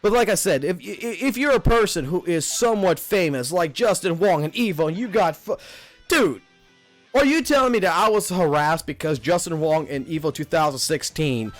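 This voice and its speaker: A man's voice: high-pitched, moderate pace, no echo, soft background music. Profane ranting man in his thirties. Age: 30s. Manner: profane, rambling rant; animated. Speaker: livestreamer. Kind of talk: casual stream commentary.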